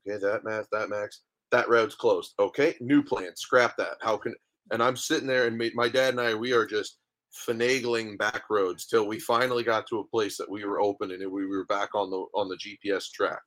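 A man's voice: on the low side, fairly even intonation, moderate pace, a bit bright. Man in his thirties telling a story. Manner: rambling storyteller, acts out dialogue. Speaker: podcast guest, goalie. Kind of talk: casual interview chat.

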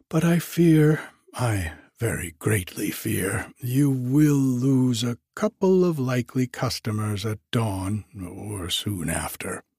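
A man plays a blunt, jovial stand-in innkeeper in a storybook reading, cheeky and quick with a retort. The voice is husky and gravelly, slow-paced, and recorded close and dry. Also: medium pitch, darkish tone, no echo, full character voice. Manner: blunt and jokey, talks back. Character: blunt, jovial man acting as hotel proprietor.

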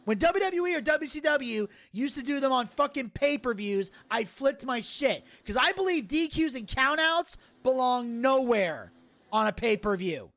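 A man's voice: very high voice, very animated, normal speed, creaky, fairly bright tone. A man co-hosting a casual podcast, ranting heatedly and profanely and arguing through rhetorical questions. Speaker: podcast co-host.

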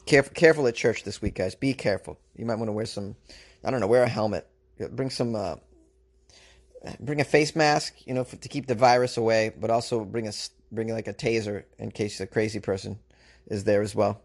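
A man's voice: lowish voice, steady tone, brisk. Rambling, self-mocking male podcast host. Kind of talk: comic news commentary.

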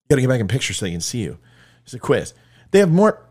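This host from California has a medium-pitched, darkish, slightly rough voice and a very animated, quick delivery. He wanders through a casual monologue for viewers, full of self-mocking jokes.

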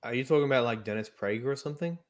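A man's voice: mid-range voice, very fast. A man giving his views emphatically in a casual group discussion. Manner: opinionated, emphatic.

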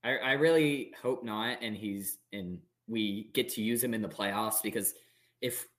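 A man's voice: on the low side, a little slow, a bit bright. A man co-hosting a sports podcast, talking casually with frequent stammered restarts. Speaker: podcast co-host.

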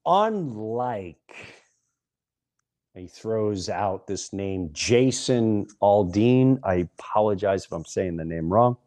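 Middle-aged guy ranting slow on his podcast, lowish voice, punches each word. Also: animated, a little mellow. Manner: emphatic, stresses single words with long pauses. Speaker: podcast host. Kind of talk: impassioned monologue.

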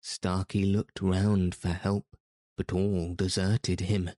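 A man narrates a story in a deep, dark, mellow voice. He reads slowly and steadily, with very little rise and fall. The sound is close and dry. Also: dry recording. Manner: measured, even storytelling. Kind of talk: audiobook narration.

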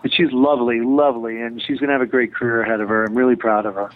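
A man's voice: mid-range voice, steady tone, rapid-fire. A middle-aged man, a television director, giving chatty, digressive interview answers with a joking streak. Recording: tinny phone-line audio.

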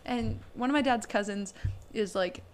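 A woman in her twenties, a podcast co-host, telling family stories in casual chat, animated and laughing often as she acts out quotes. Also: a little high, normal speed.

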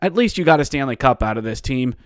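A man's voice: mid-range voice, lively intonation, fast, dry recording, clean studio sound. A man hosting a solo sports podcast, mocking and ranting, rising into exasperated outbursts. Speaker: podcast host. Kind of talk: sarcastic solo sports commentary.

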